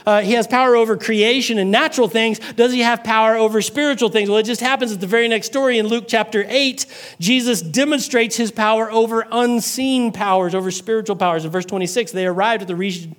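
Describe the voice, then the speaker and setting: High-voiced man preaching conversationally. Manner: conversational, quizzes the congregation; repeats words while thinking. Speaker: pastor. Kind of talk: sermon.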